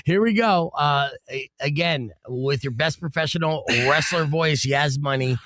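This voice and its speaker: A man's voice: fairly high pitch, measured pace, fairly bright tone, slight background noise. A man hosting a casual comedy podcast, running a quiz game as a playful, upbeat quizmaster who laughs often.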